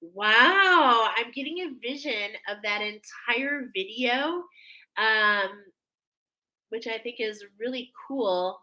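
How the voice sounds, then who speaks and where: Bright-voiced emotional woman card reader. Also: a little high, takes it slowly, rough recording. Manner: emotional, gushing, speaks in images. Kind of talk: live spiritual card reading. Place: live stream at home.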